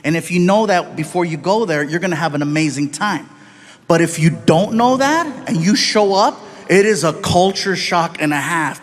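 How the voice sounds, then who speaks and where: Male stand-up storyteller, high voice, animated, live on stage. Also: slight background noise. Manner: animated, puts on voices for people in his stories. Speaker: stand-up comedian.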